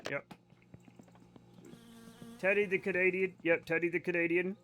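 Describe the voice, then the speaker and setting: Brief: male game streamer with a high voice, chatting to viewers, loose, profane and rambling. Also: level tone, normal speed, fairly bright tone. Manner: rambling, profane, joking asides to chat. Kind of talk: casual live-stream chat with viewers.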